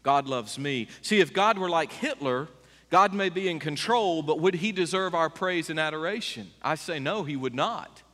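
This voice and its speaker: Punchy male preacher, high-pitched, echoey church hall. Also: lively intonation, moderate pace, a bit bright. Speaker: pastor. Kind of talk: sermon.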